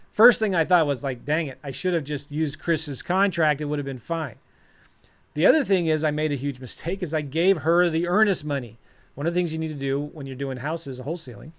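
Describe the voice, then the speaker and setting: A man, a real estate educator, telling a story to camera in an animated, self-mocking way, with many restarts. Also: a little high.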